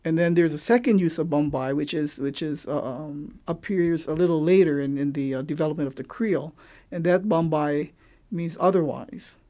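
Man from Hawaii, creole teacher, mellow and dark tone, slightly high, halting and thoughtful as he explains. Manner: thoughtful, halting, searching for examples. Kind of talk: explaining language with examples.

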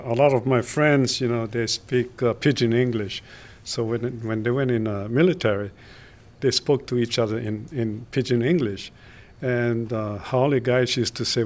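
A man's voice: mid-range voice, darkish tone. Older man, hesitant and plain. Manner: hesitant, with many fillers. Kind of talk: recounting memories in a group conversation.

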